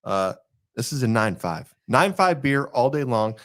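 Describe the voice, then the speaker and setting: A man's voice: mid-range voice, very animated, a little slow, fairly bright tone. A man from Texas co-hosting a casual podcast, rambling and joking, often laughing. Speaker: podcast co-host. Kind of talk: casual chat.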